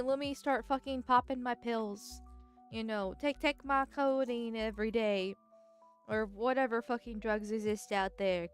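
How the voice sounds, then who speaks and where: A woman's voice: fairly high pitch, clean tone. A woman streaming live in casual chat, talking bluntly and directly, with a stuffy nose.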